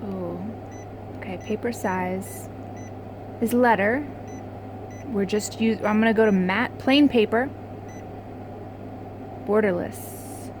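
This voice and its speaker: A woman's voice: mid-range voice, takes it slowly, pauses often, background noise. A young woman vlogging casually to camera, frustrated and swearing at her printer. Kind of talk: casual vlog talking to camera.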